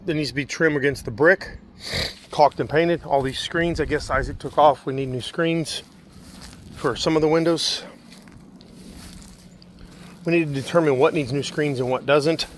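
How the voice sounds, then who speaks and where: A man with a slightly high-pitched voice does a casual walkthrough of a house. He lists repair after repair in a plain, matter-of-fact way. A faint hiss of background noise sits under the phone recording. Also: steady tone, normal speed, long pauses. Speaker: property manager doing a walkthrough. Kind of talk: casual spoken inspection notes. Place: outdoors around a house and yard, then indoors.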